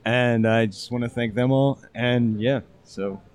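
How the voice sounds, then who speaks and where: A man who is a wrestler, giving halting, emotional thanks with many fillers. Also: mid-range voice, fairly even intonation, darkish tone, clear, resonant tone. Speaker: wrestler guest. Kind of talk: casual chat.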